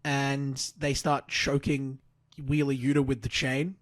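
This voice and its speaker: This male co-host talks slowly and flatly in a mid-range voice, recorded without echo. He's chatting casually on a podcast, recapping wrestling matches play-by-play with plenty of fillers and rambling.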